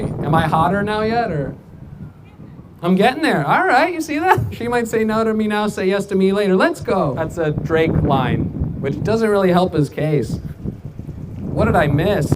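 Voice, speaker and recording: A man doing outdoor crowd work, roasting passersby on a city street with rapid deadpan wisecracks. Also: a little high, very noisy. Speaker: street comedian.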